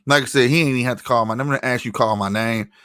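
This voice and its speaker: A man's voice: mid-range voice, very fast, a bit bright, clean tone, dry recording, studio quality. A man giving a heated commentary rant, angry and profane, often tossing in "you know what I'm saying". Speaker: online commentator.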